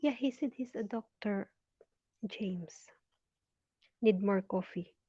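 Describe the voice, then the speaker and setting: Woman, live stream host, from the Philippines, chatty, laughs a lot, mellow, dull lo-fi sound. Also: mid-range voice, slow, slightly rough, dry recording. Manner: chatty, laughs often, reads viewer names aloud. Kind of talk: casual live stream chat reading comments.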